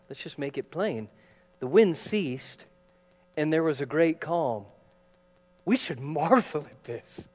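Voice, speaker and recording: A man preaching a sermon, dramatic, shifting from loud acted quotes to hushed asides. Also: high voice. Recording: long reverb of a large hall, faint mains hum.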